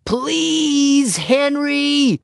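A man's voice: very high-pitched, expressive, extremely slow, creaky, no room sound, studio quality, voice pushed up, heavily acted. A man voicing a small, eager little girl who pleads and bosses in a storybook. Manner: pleading, bossy.

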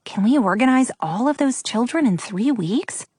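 A woman's voice: on the high side, lively intonation, normal speed, a little mellow, slightly rough, dry recording, clean studio sound, pitched above the performer's own voice. A woman voicing a sensible, logical teenage girl who speaks in a matter-of-fact way. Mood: doubtful.

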